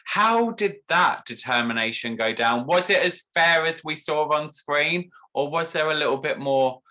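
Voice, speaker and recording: A man's voice: fairly high pitch, moderate pace, sharp tone. A man hosting a casual interview, playful and teasing with his guest. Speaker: host.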